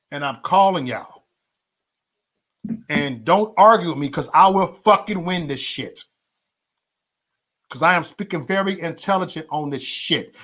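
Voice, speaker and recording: A man's voice: a little high, fairly bright tone. A man hosting a livestream, ranting heatedly and profanely at his viewers with emphatic repetition and stammered restarts. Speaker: livestream host.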